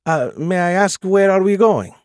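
A man doing a brisk Italian-accented woman officer. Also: mid-range voice, lively intonation, fairly bright tone, dry recording, clean studio sound, voice pushed up. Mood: dutiful.

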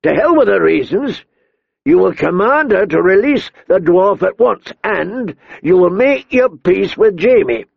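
A gruff, hard-drinking king who barks his orders, voiced higher than the reader's own tone, as a man puts him on. The voice carries a gravelly edge. It comes through a dull, dry lo-fi recording. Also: lively intonation, a little slow, few pauses, dry recording, heavily acted. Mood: blustering. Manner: blustering, barking commands. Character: gruff, hard-drinking middle-aged king, quick to roar.

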